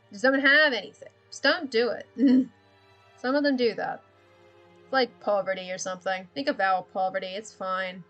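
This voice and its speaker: A woman streamer chats casually on a livestream while she draws, rambling, thinking aloud and often giggling. Her mid-range voice is steady, a bit bright, at a moderate pace, with soft background music behind it.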